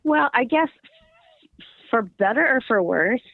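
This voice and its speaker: A middle-aged woman telling stories in a casual interview, chatty and quick to laugh. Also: a little high, creaky, no room sound. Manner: chatty, laughs often, animated storyteller. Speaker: guest. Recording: tinny phone-like line.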